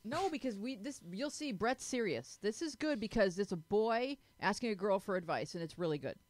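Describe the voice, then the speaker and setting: A woman with a voice in the middle of her range, hosting a lively panel of teens. She keeps things playful, laughing easily while she sets up games and hands out parts. The sound is close and dry, with no room around it. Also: mid-range voice, normal speed, dry recording. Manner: playful, laughs often, runs the game. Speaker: talk show host. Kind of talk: hosting a teen panel talk show.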